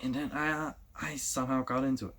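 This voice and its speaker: A man's voice: medium pitch, little pitch movement, fairly quick, a bit bright. A man giving a casual opinion rant as a show host, blunt and repetitive, often restarting his sentences.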